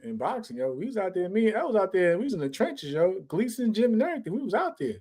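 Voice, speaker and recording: A man's voice: high-pitched, sing-song, quick pace, dark tone, slightly rough. A man in his forties from Long Island, a former boxer co-hosting a podcast, talking in loose, laughing, slangy banter. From Long Island, New York. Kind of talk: casual chat.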